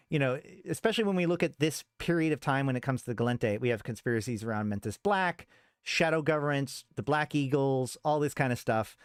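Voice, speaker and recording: A man's voice: medium pitch, clear, resonant tone, no room sound. Guy rambling through game lore on stream, lots of restarts, dry close mic. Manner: rambling with many restarts and fillers. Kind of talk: casual lore talk and reading aloud.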